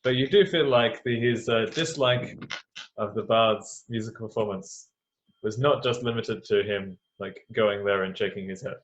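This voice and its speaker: A man's voice: on the low side, moderate pace, a little hiss or hum. A man running a tabletop game as game master, talking casually and hesitantly. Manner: hesitant, with many fillers and chuckles. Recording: dull lo-fi sound.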